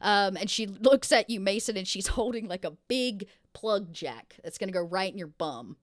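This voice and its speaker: A woman narrating a tabletop game as game master, chatty and quick to laugh. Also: mid-range voice, lively intonation, dry recording, studio quality.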